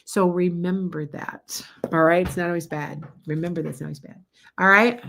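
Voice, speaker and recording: A woman's voice: on the low side, steady tone, normal speed, gravelly, a bit bright, slight background noise. A middle-aged woman doing a live-streamed tarot reading, chatting casually and calling out viewers by name. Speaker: psychic tarot reader.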